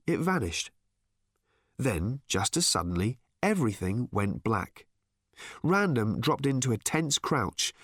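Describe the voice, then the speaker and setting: A man reading an audiobook with expressive, wry storytelling. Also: mid-range voice, no room sound, studio quality. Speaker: audiobook narrator. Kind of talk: scripted narration.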